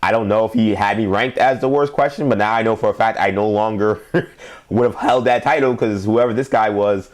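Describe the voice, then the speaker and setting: Deep-voiced young guy hosting a sports show, rambling and emphatic, chuckles a lot. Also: fairly quick. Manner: rambling, emphatic, laughs at his own stories. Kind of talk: animated sports commentary.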